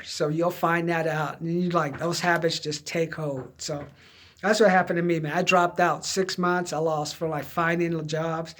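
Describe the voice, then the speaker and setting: Rambling high-voiced middle-aged man. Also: little pitch movement, normal speed, fairly bright tone. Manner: rambling, candid, drifting into quoted voices. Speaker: vlogger giving job-search advice. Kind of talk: casual personal storytelling.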